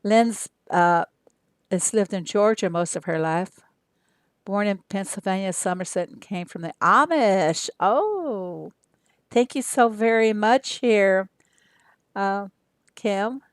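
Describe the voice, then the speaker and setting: Older woman from Arkansas, slow and chatty game streamer, smooth clear voice, dry close sound. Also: medium pitch, no echo. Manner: unhurried, chatty, with many fillers. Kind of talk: casual livestream chat with viewers.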